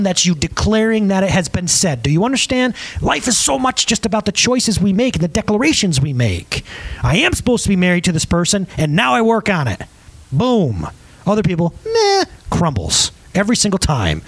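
A man pastor in his thirties preaching a conversational, emphatic sermon with audience asides and a slightly husky voice. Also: high voice.

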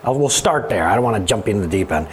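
Casual pastor guy giving a sermon, talks like he's chatting, voice jumps way up when he makes a point, bit of background hiss. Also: fast talker. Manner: conversational, animated, rises high when stressing points. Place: church sanctuary.

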